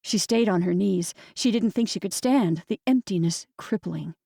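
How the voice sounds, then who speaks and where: A woman reading a novel aloud at a middling pitch, gentle and measured. Her voice is recorded close and dry, with no room sound. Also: creaky, no room sound. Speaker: audiobook narrator. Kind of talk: scripted narration.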